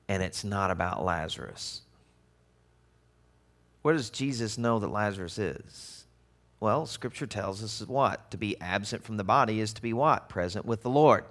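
A man preaching a sermon in a conversational, animated way, asking the audience rhetorical questions. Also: lowish voice. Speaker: pastor.

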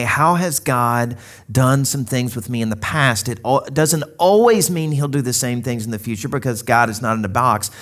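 This is a man in his thirties from Arkansas, delivering a sermon. He tells it as a personal story in a relaxed, conversational way and acts out the lines of the people in it. His voice sits in an ordinary middle range. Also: medium pitch. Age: 30s. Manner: conversational storytelling with acted-out quotes. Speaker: pastor.

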